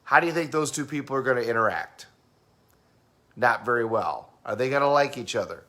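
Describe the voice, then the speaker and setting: Animated and sharp in tone, this mid-range male voice explains communication styles in a casual teaching talk. Along the way he puts questions to the listener and imitates both fast and slow talkers.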